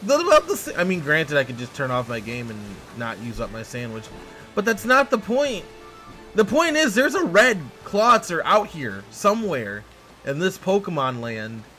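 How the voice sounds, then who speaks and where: A man streaming a game live, excitable and exasperated, talking to his chat and to the game. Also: a little high, normal speed, soft background music.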